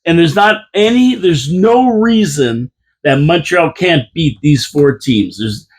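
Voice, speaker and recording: A man's voice: fairly high pitch, lively intonation, slow. A man co-hosting a casual hockey chat from a radio studio, making emphatic, confident predictions. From Canada. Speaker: podcast co-host.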